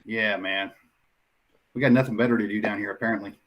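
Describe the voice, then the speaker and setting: A man's voice: fairly low pitch, steady tone, brisk, highs cut off. A man guest on a casual livestream, easygoing and agreeing with lots of "yeah". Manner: easygoing, says yeah a lot.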